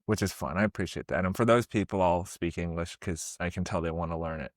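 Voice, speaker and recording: An American man hosts a casual podcast conversation, easygoing and chatty, laughing along as he talks. His low voice moves fast, and the recording is dry and clean, studio quality.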